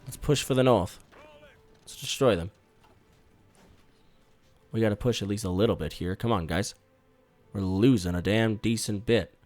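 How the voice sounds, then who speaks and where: A man giving casual, swear-laced commentary while playing a strategy game, bursting out loudly when things go wrong. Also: lowish voice, moderate pace, long pauses, soft background music. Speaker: gaming YouTuber.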